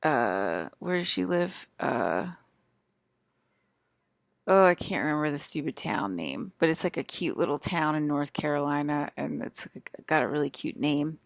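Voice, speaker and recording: Woman, low voice, vocal fry, rambling casual vlog, dry close sound. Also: expressive, measured pace, no echo. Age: adult with children. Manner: chatty, wandering, restarts mid-sentence. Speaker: vlogger. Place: hotel room.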